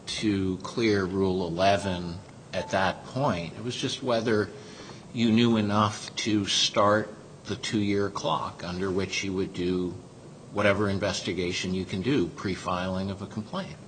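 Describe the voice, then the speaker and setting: Deep-voiced, probing male judge. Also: fairly even intonation, measured pace, a little hiss or hum, low-quality recording. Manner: probing, pointed questions. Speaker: appellate judge. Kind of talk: courtroom questioning.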